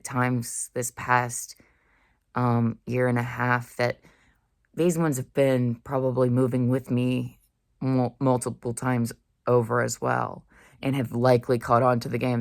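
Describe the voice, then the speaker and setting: A woman's voice: rumbling low, steady tone, moderate pace, no echo, studio quality. A young woman in a dorm room talking casually into the camera, rambling in a slangy, blunt way. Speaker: vlogger. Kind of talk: casual monologue.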